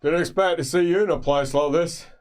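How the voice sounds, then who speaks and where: A man puts on a hulking, scarred thug from a tabletop fantasy game, all loud, easy friendliness and rough slang. The voice sits a little above his usual pitch and comes on strong and matey, like a big bruiser who likes to grin. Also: brisk, lightly acted. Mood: chummy. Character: huge scarred brutish male thug, cheerful.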